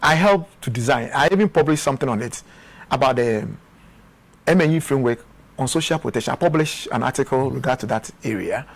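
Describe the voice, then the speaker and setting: A man's voice: mid-range voice, lively intonation, fairly quick. Earnest Ghanaian man, stumbling over words. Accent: Ghanaian English. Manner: hesitant, repeats words, earnest. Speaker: guest, former official. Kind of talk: studio interview.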